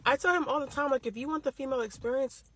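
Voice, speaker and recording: A woman's voice: high-pitched, racing, slight background noise. A woman telling a story in a casual, heated rant, blunt and full of swearing, speaking close to a phone mic. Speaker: storytime vlogger.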